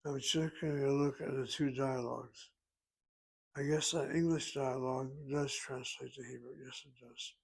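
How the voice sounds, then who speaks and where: Man, Hebrew teacher, gravelly voice, slightly raspy, methodical explanations. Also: medium pitch, fairly even intonation, normal speed, a little mellow. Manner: methodical, reads dialogue then explains grammar. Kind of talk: self-paced language lesson.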